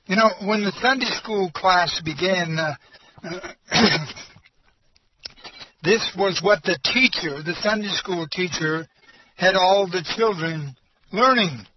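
A man preaches a storytelling sermon at a slow, halting pace, with a fairly high voice. He talks in a folksy way, with fillers and repeated words. The recording is muffled and lo-fi, with faint hiss. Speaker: pastor.

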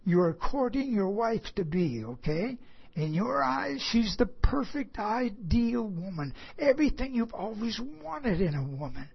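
Husky, slow-talking preacher man. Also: high-pitched. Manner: earnest and rhetorical, asks the listeners questions. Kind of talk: sermon. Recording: dull lo-fi recording.

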